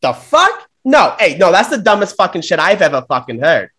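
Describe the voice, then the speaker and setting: A man's voice: high-pitched, big pitch swings, moderate pace, sharp tone. A man hosting a show in a comedy sketch, ranting bitterly and swearing constantly. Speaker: show host.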